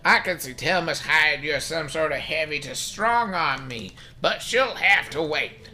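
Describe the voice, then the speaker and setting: A man's voice: a little high, animated, a little slow, bright, forceful tone, voice pushed up, full character voice. A man voicing a stingy, cranky old male town doctor in a raised, whiny, fussy voice full of excuses, reading along with a video game. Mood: whiny, defensive.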